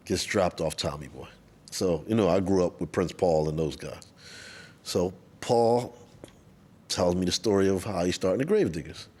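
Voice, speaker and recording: A man with a very low voice hosts a casual interview. He chimes in to finish his guest's sentences and tells stories of his own. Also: a little mellow. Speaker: podcast host.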